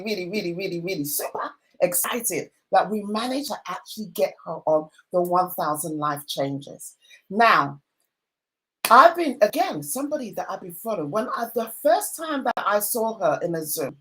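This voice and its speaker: A woman's voice: lowish voice, poor audio. A woman hosting an online video-call event, gushing and repeating words for emphasis. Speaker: host.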